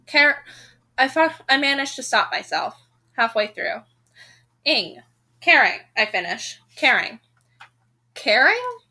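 A bright, high-voiced woman reads a novel aloud as an audiobook narrator, then breaks off to rant, swearing and laughing at her own reactions. After the outburst she drops into a quiet, low-key aside.

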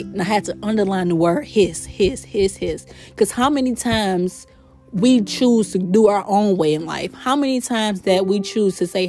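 A woman hosting a podcast, telling her spiritual testimony in an emotional, expressive way. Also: medium pitch. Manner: emotional, expressive, faith-filled storytelling. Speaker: podcast host.

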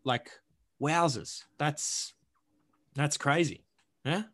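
A man's voice: fairly high pitch, extremely slow. A young man co-hosting a sports podcast, chatting casually and reeling off stats with plenty of fillers and jokes. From Australia. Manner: animated, joking, rattles off stats with lots of fillers. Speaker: podcast co-host.

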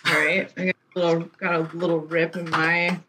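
A woman who works in costumes, explaining things in a casual, halting way and laughing easily. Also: on the low side, flat delivery, background noise. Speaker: costume professional. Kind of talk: casual explaining on a video call.

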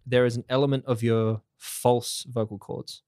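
A man's voice: medium pitch, little pitch movement, moderate pace, a little mellow, clean tone, dry recording, clean studio sound. Casual rambling man on a podcast. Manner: rambling, swears, many fillers. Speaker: podcast host.

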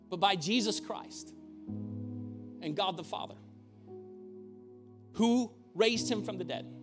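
Male pastor, high voice, joking conversational sermon, faint music behind. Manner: conversational preaching with humorous asides. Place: church auditorium.

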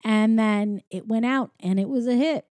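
A woman's voice: a little high, moderate pace, darkish tone, no echo. A woman recapping a film plot in casual chat, rambling with lots of fillers. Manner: rambling, filler-heavy storytelling.

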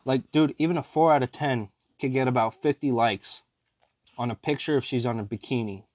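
A man's voice: mid-range voice, brisk, darkish tone, no room sound. Young male podcast host in his twenties, rambling slangy delivery, dry untreated sound. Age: 20s. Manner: rambling, slangy, calls listeners dude and bro. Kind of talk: casual chat.

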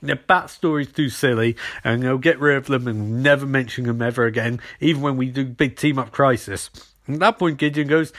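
A man's voice: mid-range voice, brisk, a bit bright. A man hosting a podcast, recapping a TV episode in a sarcastic, rambling way with silly voices. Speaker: podcast host.

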